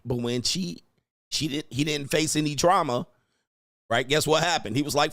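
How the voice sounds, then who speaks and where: A man's voice: on the high side, moderate pace, fairly bright tone, no echo, clean studio sound. A man giving casual, profane reaction commentary on parenting clips, blunt and laughing often.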